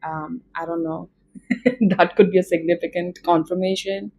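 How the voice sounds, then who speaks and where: Mellow-voiced woman with an Indian accent. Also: lowish voice, steady tone, moderate pace, low-quality recording. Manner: chatty, rambling with many fillers and laughs. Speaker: tarot reader. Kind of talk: casual tarot reading.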